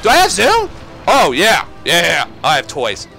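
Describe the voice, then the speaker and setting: A man giving let's play commentary on a shooter game, excitable, swearing and yelling at enemies. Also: sits high, normal speed, gravelly, soft background music. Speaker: gaming YouTuber.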